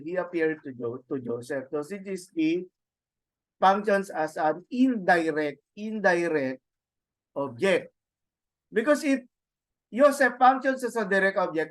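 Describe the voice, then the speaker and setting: Filipino male seminary lecturer, high voice, unhurried, halting delivery with tag questions. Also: fairly bright tone. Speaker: seminary Greek teacher. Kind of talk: classroom lecture.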